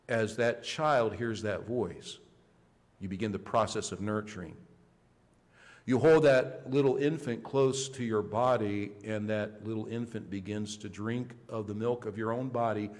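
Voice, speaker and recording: A male pastor preaching a sermon with emphasis, swinging between loud, high rises and quiet, low drops. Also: big-room sound. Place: church sanctuary.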